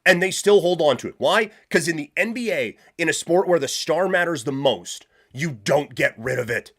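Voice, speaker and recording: A man's voice: fairly high pitch, fairly bright tone. A man hosting a live sports talk stream, ranting emphatically with rhetorical questions and frequent restarts. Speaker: podcast host.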